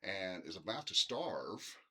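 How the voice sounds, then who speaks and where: A man's voice: sits low, very animated, takes it slowly, pushed and bright, breathy edge. A middle-aged man teaching literature in a casual, rambling recorded lecture, full of fillers like "uh" and "um".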